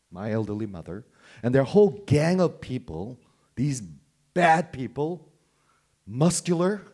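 A man's voice: mid-range voice, darkish tone. A man preaching a sermon, asking the listeners questions and swinging from emphatic stress down to a near-whisper. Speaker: pastor.

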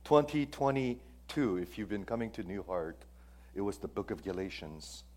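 Emphatic male preacher with hushed asides. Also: lowish voice, moderate pace. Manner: emphatic, swings between loud stresses and hushed near-whispers; asks the congregation questions. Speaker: pastor. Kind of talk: sermon.

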